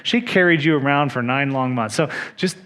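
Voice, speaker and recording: A man preaching a sermon as pastor, measured and earnest, dropping to soft emphasis on key points. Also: mid-range voice. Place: church.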